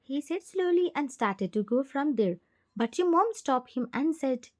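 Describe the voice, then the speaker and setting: A woman narrating a fan fiction story in the second person with plain, steady reading. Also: sits high, unhurried.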